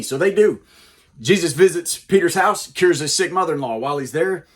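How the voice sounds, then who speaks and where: A man's voice: fairly high pitch, a little fast. A man hosting a comedic Bible lesson, telling the story in a jokey, casual, wisecracking way. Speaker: comedic preacher, host.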